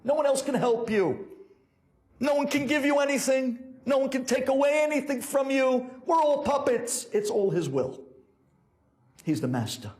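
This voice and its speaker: An elderly rabbi, earnest and insistent, pressing his questions as a storyteller puts him on. The voice sits high and swoops widely with feeling. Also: lively intonation, normal speed, long pauses, dark tone, lightly acted.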